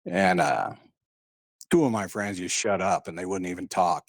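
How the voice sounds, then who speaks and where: A man's voice: low-pitched, big pitch swings, moderate pace, gravelly, no room sound, studio quality. A man telling a personal story in a casual, rambling way, full of "uh" and "and, uh". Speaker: guest recounting a paranormal experience.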